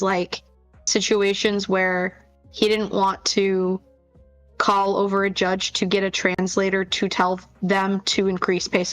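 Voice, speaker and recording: A woman's voice: mid-range voice, a bit bright, poor audio. A woman with a mid-range voice co-casts a card game tournament live, drawing on her own experience as a player. She chats easily, laughs often and uses plenty of "um"s and "like"s. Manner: chatty and easygoing, laughing often, with fillers. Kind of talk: casual live game commentary.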